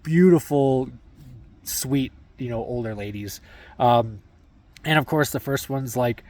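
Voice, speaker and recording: A man's voice: medium pitch, takes it slowly, darkish tone. A young man from Wisconsin, a thru-hiker vlogging from camp in the mountains outdoors, telling trail stories in a rambling, laid-back way full of fillers. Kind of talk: casual storytelling to camera.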